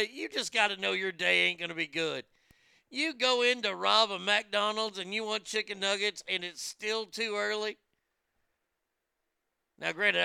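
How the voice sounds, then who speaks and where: Brash male host of a profane comedy news show, gravelly and bright, dry close mic. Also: high voice, dry recording. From United States. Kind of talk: crude comedic news commentary.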